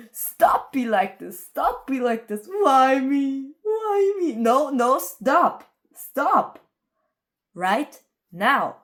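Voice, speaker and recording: A woman doing Calypso, a tearful young dragon. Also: a little high. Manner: crying, pleading and repeating herself. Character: panicked young female dragon, tearful and pleading.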